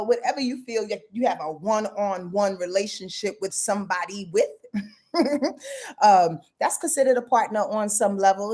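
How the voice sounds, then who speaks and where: A woman astrologer hosting a casual live stream, chatty and goofy, talking straight to her viewers and laughing at her own slips. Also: medium pitch. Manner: animated, chatty, addresses viewers as y'all.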